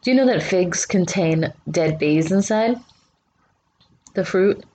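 A woman's voice: on the low side, animated, takes it slowly, warm tone. A woman in casual chat, tasting advent-calendar liqueurs and talking in a squeamish, chatty way full of "like" and restarts. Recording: slightly dull, faint hiss.

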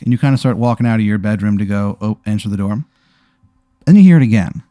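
A man's voice: lowish voice, quick pace, warm tone. A man casually telling an improvised hypothetical story, in a laid-back way with lots of fillers.

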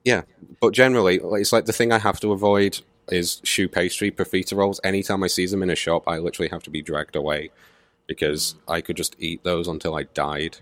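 A man's voice: sits low, steady tone, a little fast, fairly bright tone, no room sound. A man, a podcast guest chatting casually with dry, sarcastic wit. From Manchester, England. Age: 20s. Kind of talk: casual interview chat.

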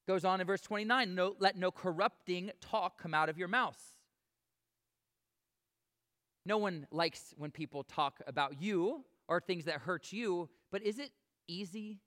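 Bright, high-voiced man preaching. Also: normal speed. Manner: earnest, conversational preaching with direct questions to the congregation. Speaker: pastor. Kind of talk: sermon. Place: church sanctuary before a congregation.

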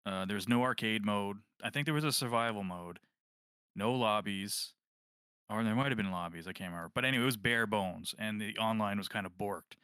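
A man co-hosting a podcast, chatting casually about video games in a rambling, relaxed way. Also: lowish voice, a little fast, smooth, dry recording, clean studio sound. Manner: rambling, relaxed, lots of fillers and restarts. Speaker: podcast co-host.

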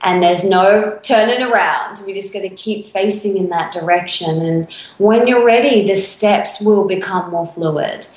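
A woman talking in a casual podcast chat who acts out her own reactions with lively energy. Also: medium pitch, measured pace, reverberant, low-quality recording.

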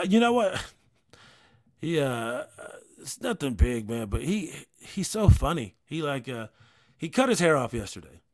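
A man in his thirties hosting a casual talk show, rambling with many restarts and frequent swearing. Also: mid-range voice. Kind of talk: casual chat.

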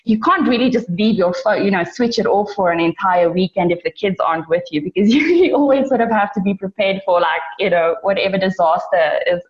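A woman's voice: mid-range voice, a little fast, few pauses. Chatty woman in an echoey room. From South Africa. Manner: chatty, many fillers, animated in retelling. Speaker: online business owner. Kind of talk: personal storytelling. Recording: roomy, dull lo-fi sound.

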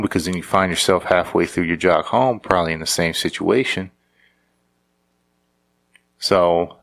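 Deep gravelly-voiced man ranting sarcastically. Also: fairly bright tone. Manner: sarcastic, rambling, frequent restarts. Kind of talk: casual comedic commentary.

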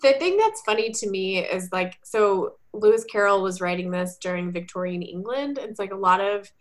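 A woman's voice: medium pitch, animated, moderate pace. A woman in casual chat as a podcast co-host, talking in a chatty way with many fillers.

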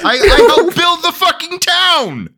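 A man's voice: very high voice, unhurried. A man co-hosting a podcast in casual chat, telling stories with jokes and swearing. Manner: joking, swearing, animated storytelling. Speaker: podcast co-host.

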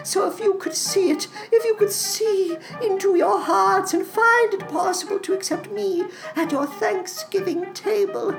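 A man's voice: very high voice, vocal fry, voice pushed up, heavily acted, low-quality recording. A man voicing a weepy, creepy male oddball with celery-stalk fingers, pleading through sobs in a comedy ad. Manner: whimpering, sobbing, fragile pleading. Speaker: podcast host voicing a sponsor ad.

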